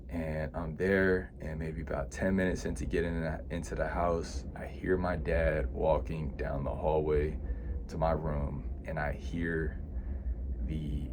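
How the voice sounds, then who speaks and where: A young man with a deep, low voice shares a personal story from his past. He talks in a reflective, unhurried way and leans on "you know" and small restarts as he recalls it. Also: background noise. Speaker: vlogger.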